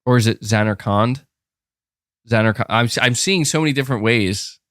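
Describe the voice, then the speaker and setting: A man's voice: mid-range voice, fast talker, a bit bright, dry recording, clean studio sound. A man streaming and chatting with his viewers in a casual, rambling way, with many fillers and restarts. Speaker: streamer reading chat. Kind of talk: casual livestream chat.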